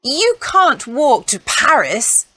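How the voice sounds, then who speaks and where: A woman's voice: high voice, huge pitch swings, slow, bright, forceful tone, pitched above the performer's own voice, exaggerated voice, poor audio. A woman playing a cheery city mouse. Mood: cheerful. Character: lively, welcoming male city mouse.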